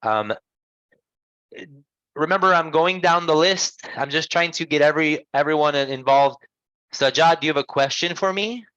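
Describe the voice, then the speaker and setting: A man's voice: fairly high pitch, moderate pace, fairly bright tone, smooth, no echo, highs cut off. Patient man teaching an online English class. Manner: patient, encouraging, repeats and rephrases.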